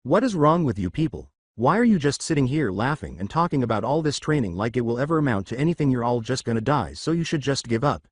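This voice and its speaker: A man's voice: mid-range voice, big pitch swings, fast, hardly any pauses, slightly rough, no room sound, clean studio sound. A man voicing an angry, resentful young boy who rants at everyone. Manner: ranting, resentful.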